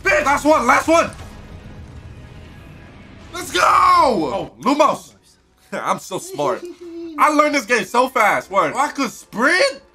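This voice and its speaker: A man streaming a video game, joking loudly, swearing and shouting his reactions. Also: very high voice, huge pitch swings, takes it slowly, pauses often, faint music behind. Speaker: gaming streamer. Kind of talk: comedic live game commentary.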